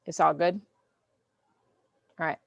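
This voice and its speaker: A woman teacher, running a review game for her online class in a playful, teasing, animated way. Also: low voice, slow pace, gravelly. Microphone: computer mic on video call.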